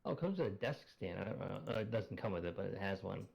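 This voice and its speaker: A man's voice: low voice, animated, fast, gravelly, a little mellow. A man in casual voice-chat talk, his voice run through an auto-tune changer, rambling with lots of fillers as he looks things up. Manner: rambling, searches aloud, many fillers.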